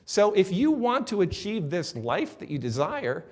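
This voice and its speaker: A man giving a conference talk as a business speaker. He keeps it conversational and lively, checks in with the audience and acts out little quoted voices. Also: high voice, unhurried. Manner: acts out quoted voices and laughs at his own examples.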